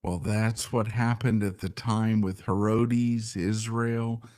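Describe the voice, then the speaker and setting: This political commentator speaks slowly in a low, steady, darkish and smooth voice, captured dry with studio quality. He delivers opinionated takes on current affairs, hammering his points through repetition and pressing rhetorical questions.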